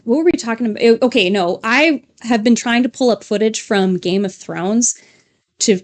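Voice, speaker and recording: A woman's voice: a little high, normal speed. A woman co-hosting a livestream, chatting casually in a rambling way with restarts. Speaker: livestream co-host. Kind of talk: casual chat.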